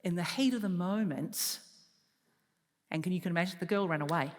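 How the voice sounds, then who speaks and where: A woman's voice: lowish voice, a little fast. Woman speaking in a reverberant hall. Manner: lively, swings between loud emphasis and soft hushed advice. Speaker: counsellor speaking to an audience. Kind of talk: talk to an audience.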